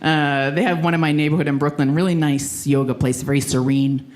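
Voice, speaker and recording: A woman's voice: low voice, fairly even intonation, a little fast, darkish tone. Woman doing self-deprecating stand-up. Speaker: stand-up comedian. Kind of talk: stand-up routine. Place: comedy stage with audience.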